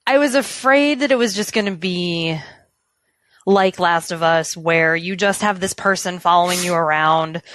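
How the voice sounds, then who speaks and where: A woman's voice: lowish voice, moderate pace, a bit bright, no echo. A woman co-hosting a gaming podcast, chatty and self-deprecating, often laughing. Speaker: podcast co-host. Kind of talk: casual chat.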